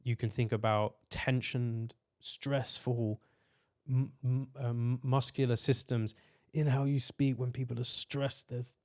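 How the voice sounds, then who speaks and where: A man's voice: mid-range voice, little pitch movement, slow pace, darkish tone. Male podcast guest, mid-range voice, earnest and searching, filler-heavy conversational delivery. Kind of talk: reflective conversational explanation.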